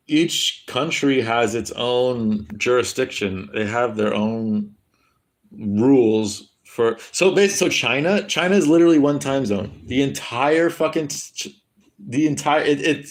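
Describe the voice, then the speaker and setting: A young American man chatting casually on a livestream, rambling and crude as he answers his chat. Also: medium pitch. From United States. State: high.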